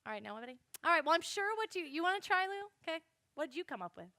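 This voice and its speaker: A young woman giving a classroom Bible lesson, animated and speaking straight to her listeners. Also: extremely high pitch, fast talker, dry recording. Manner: animated, addresses listeners directly.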